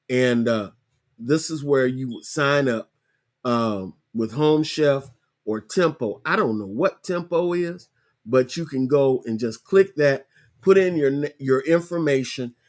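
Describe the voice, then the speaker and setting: A man hosting a podcast, casually walking viewers through a screen-share tutorial, repeating himself and spelling things out slowly. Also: medium pitch. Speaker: podcast host.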